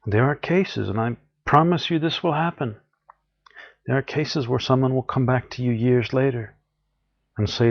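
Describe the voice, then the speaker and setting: A man's voice: mid-range voice, moderate pace, highs cut off. A man giving an earnest, encouraging spiritual talk, often acting out what people say. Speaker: spiritual teacher.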